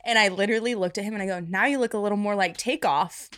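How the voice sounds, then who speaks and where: A woman's voice: medium pitch, fast talker, background noise. A young woman co-hosting a podcast, chatting casually in a self-mocking way with frequent restarts. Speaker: podcast co-host. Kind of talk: casual chat.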